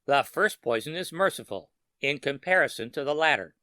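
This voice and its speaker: A man voicing a sinister male wizard who speaks in a slow, menacing and precise way. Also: medium pitch, expressive, pushed and bright, no echo, clean studio sound.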